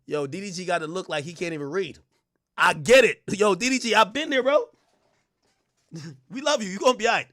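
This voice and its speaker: A man streaming live, telling stories loudly and animatedly, acting out quotes and laughing often. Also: high-pitched, fairly quick, long pauses. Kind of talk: livestream commentary.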